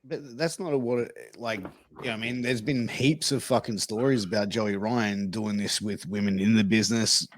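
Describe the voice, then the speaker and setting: Low-voiced man in profane casual chat. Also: moderate pace, a little hiss or hum. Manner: casual, profane, lots of fillers.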